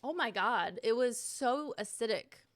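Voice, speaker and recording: A woman's voice: on the high side, lively intonation, measured pace, dry recording. A young woman streamer in casual chat, reading viewer messages aloud and reacting in a chatty, giggly way.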